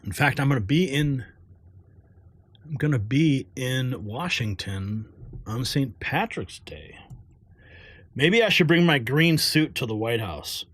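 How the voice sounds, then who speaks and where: A man's voice: mid-range voice, lively intonation, slow, long pauses, a bit bright, slightly rough, dry recording. A man hosting a political news show, talking casually and joking between segments. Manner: joking, chatty asides.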